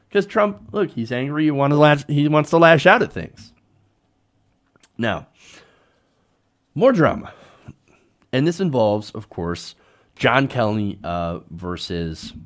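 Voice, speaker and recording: A man's voice: mid-range voice, sing-song, unhurried, pauses often. A man hosting solo political commentary, reading news quotes aloud and reacting with sarcasm.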